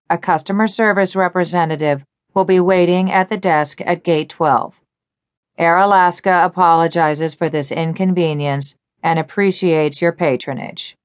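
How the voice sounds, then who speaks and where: A woman reading an audiobook as narrator in an even, measured storytelling manner. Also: on the low side, dry recording, studio quality. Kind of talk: scripted narration.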